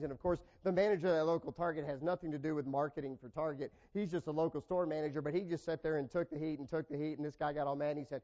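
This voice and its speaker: Lively preacher man, muffled sound. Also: on the high side, fast talker. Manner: preaching with wide swings in loudness, acting out quoted people. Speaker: pastor. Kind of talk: sermon.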